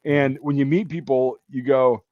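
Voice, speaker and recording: A man talks in a loose, profane, rambling way as he hosts a casual chat. His voice sits in an ordinary middle pitch. The sound is dry and a little dull. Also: steady tone, normal speed, no room sound. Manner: profane, rambling, laughs while telling stories. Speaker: podcast host.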